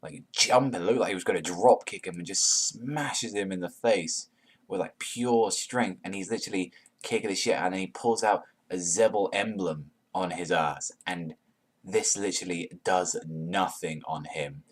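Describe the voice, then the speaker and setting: A man reviewing a manga chapter in an excited, casual way, swearing often and filling his talk with "like". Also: low-pitched, moderate pace. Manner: profane, hyped, heavy use of "like".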